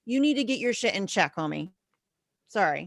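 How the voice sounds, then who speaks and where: A woman's voice: medium pitch, very animated, normal speed, vocal fry, no room sound, studio quality. A woman co-hosting a podcast in casual chat, ranting in a fiery, profane way. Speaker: podcast co-host.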